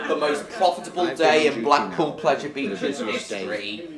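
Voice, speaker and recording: A man's voice: on the high side, expressive, normal speed, roomy sound, a loud crowd. A man hosting a live stream, chatting casually with wry, jokey asides over a documentary.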